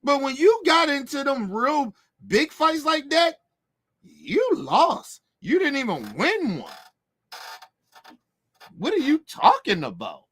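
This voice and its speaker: Brash, profane man ranting, lively pitch. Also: takes it slowly, long pauses. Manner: brash, profane, mocking, emphatic. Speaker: boxing commentator. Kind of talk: heated opinion rant.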